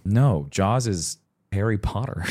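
A man's voice: on the low side, slow. A man in his thirties co-hosting a casual podcast, telling stories and acting out what people said. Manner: animated storyteller who acts out quotes. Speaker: podcast co-host.

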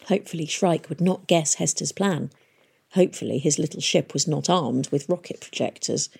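A woman narrating an audiobook in a steady storytelling manner. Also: low voice, normal speed, vocal fry, breathy edge.

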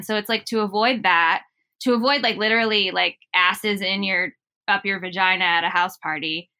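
A woman's voice: mid-range voice, steady tone, normal speed, pushed and bright, clean tone. A woman talking casually as a podcast guest, rambling and often breaking off to restart her thoughts. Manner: rambling, self-interrupting, laughs often. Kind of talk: casual conversation.

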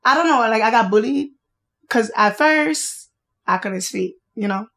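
A young woman with a Haitian accent talks in a casual podcast chat, blunt and teasing, in quick bursts. Her voice sits a little high for a woman. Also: animated, creaky, a bit bright. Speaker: podcast guest.

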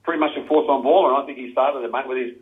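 Here is a laid-back Australian man in his fifties, chatting on the radio about his playing days. He talks at a brisk clip and drops "mate" into nearly every sentence. His voice comes through a tinny, narrow phone line. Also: medium pitch. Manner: laid-back, says "mate" constantly, chuckles often. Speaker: guest, former footballer. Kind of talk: casual radio interview.

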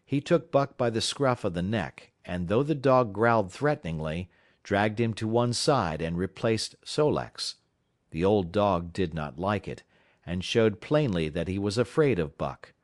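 Low-voiced male audiobook narrator. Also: dry recording, clean studio sound. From South Carolina. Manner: measured, steady storytelling.

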